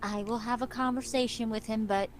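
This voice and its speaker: A woman's voice: on the high side, steady tone, a little fast, slight background noise. A woman player speaking expressively and with exasperation at a game table. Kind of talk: role-playing in a tabletop game.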